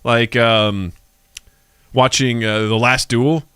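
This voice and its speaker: Male podcast co-host, bright tense voice, dry close mic, jokey casual chat. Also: medium pitch, fairly even intonation, slow, clear, resonant tone, no echo. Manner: jokey, slips into mock voices and accents.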